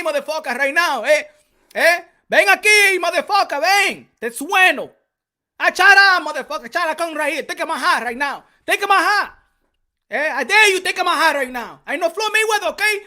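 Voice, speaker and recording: A loud, boastful boxer with a thick Dominican Spanish accent barks broken-English trash talk, as a man puts him on. His voice sits high and bright, with a sharp, forceful edge. The tone is a mock fight promo. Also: full character voice. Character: brash loudmouth Dominican male boxer persona.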